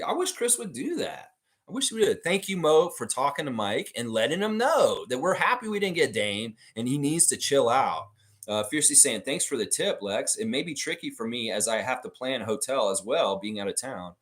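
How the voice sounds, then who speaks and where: Animated man hosting a fan stream. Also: moderate pace. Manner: animated, swings high when mocking others, swears freely. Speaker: host of a live sports fan stream. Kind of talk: casual live-stream chat reading viewer comments.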